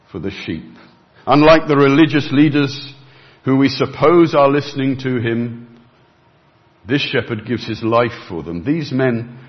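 A man's voice: mid-range voice, lo-fi sound. A man preaching a sermon, expounding scripture earnestly and rising in emphasis at key points.

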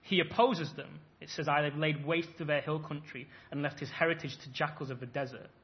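A man's voice: a little high, steady tone, a little fast. A man in his thirties preaching a sermon, emphatic and acting out imagined voices as he makes his points. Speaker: pastor. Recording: dull lo-fi sound.

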